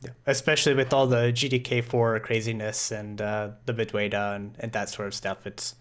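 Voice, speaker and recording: A man hosting a casual video-call meeting, relaxed and chatty, laughing easily. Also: fairly low pitch, normal speed. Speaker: host.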